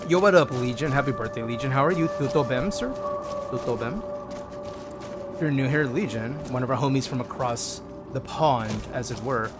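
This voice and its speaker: A man's voice: mid-range voice, normal speed, music in the background. A man streaming a modded game, chatting casually with viewers and reading their chat messages aloud.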